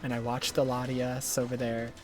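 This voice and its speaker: A man's voice: mid-range voice, monotone, normal speed, music in the background. Profane, exasperated male game streamer. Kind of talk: live gameplay commentary.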